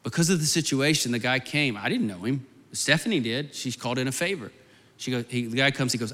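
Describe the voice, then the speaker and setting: Bright-voiced man preaching in a hall. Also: medium pitch, big pitch swings, fairly quick. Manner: rambling, restarts, fervent storyteller. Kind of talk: sermon with personal storytelling. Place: large hall before an audience. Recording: long hall reverb.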